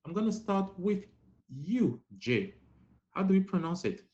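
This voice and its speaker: A man's voice: sits high, sing-song, measured pace, darkish tone. Playful man hosting a stream quiz. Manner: playful, teasing quizmaster. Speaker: host running a live-stream French pronunciation game. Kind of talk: casual live-stream quiz. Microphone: live-stream app audio. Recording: dull lo-fi stream audio.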